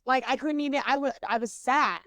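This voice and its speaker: A woman in her twenties, co-hosting a podcast, telling a story in an animated, profane way with lots of fillers. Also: sits high, a little fast, no echo, clean studio sound. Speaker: podcast co-host. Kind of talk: casual storytelling chat.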